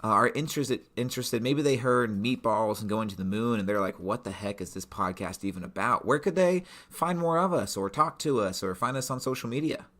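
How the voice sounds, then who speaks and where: A man co-hosting a tabletop gaming podcast, pitching a scenario in a rambling, casual way with lots of fillers. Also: expressive, brisk, hardly any pauses, fairly bright tone. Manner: rambling, many fillers and restarts. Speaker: podcast co-host, game master. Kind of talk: casual chat.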